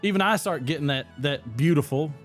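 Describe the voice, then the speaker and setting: A man's voice: a little high, fairly quick, faint music behind. Playful man hosting a comic livestream. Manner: playful, deadpan tall tales. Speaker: host.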